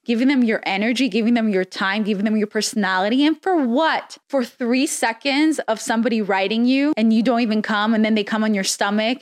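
A woman hosts a casual advice podcast, answering listener questions from her bed. She talks in a blunt, frank way and giggles often. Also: medium pitch. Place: sitting in bed indoors.

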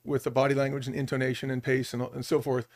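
A middle-aged man speaking as a business-leader guest on a podcast, an animated storyteller who acts out bits of quoted dialogue. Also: mid-range voice, fast talker. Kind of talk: podcast interview.

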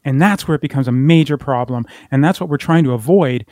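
A man explaining science as a radio guest, his voice going hoarse and interrupted by coughing. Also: medium pitch, a little mellow, no echo, clean studio sound. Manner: explanatory, measured.

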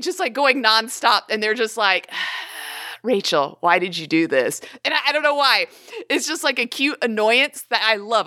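A young woman from the American South talks on a podcast, chatty and animated and quick to laugh. Her voice is bright and forceful, and it sounds close and dry, with no room echo. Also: medium pitch. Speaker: podcast co-host. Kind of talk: casual podcast conversation.

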